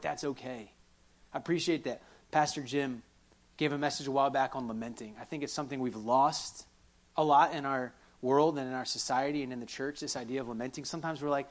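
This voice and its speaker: A man preaching a sermon in a church, animated, rising loud on key points and dropping soft when quoting. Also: fairly high pitch. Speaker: pastor.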